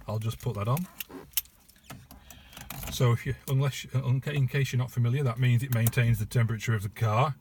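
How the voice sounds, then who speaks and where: A man's voice: medium pitch, fairly even intonation, moderate pace, pauses often, darkish tone, slight background noise. Chatty British man showing a car. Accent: British English. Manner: chatty, filler-heavy, informal. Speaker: private car seller. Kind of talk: casual walkaround video. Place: inside a parked car.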